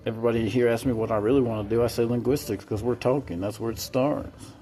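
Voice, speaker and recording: A man's voice: medium pitch, steady tone, fast, few pauses, warm tone. A man talking to camera in a rambling, profane monologue that jumps from topic to topic.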